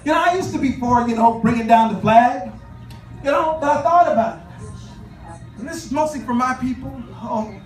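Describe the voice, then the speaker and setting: A man's voice: extremely high pitch, normal speed, distant mic, faint music behind. A male stand-up comedian performing a set on a club stage with a punchy, conversational delivery. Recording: roomy live club sound with loud crowd laughter.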